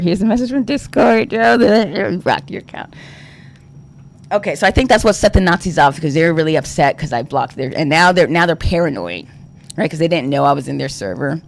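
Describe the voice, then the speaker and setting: A man's voice: fairly high pitch, gravelly. A young adult man talking on a livestream, exasperated and rambling, full of fillers and swearing. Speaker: streamer. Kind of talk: ranting livestream talk.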